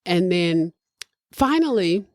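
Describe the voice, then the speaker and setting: A woman with a lower voice that swings up and down expressively as she narrates a true-crime case to a co-host. Her delivery is chatty and slangy, and the sound is close and dry. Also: takes it slowly, no room sound. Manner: animated retelling with slangy asides. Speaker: podcast host. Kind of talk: casual true-crime storytelling.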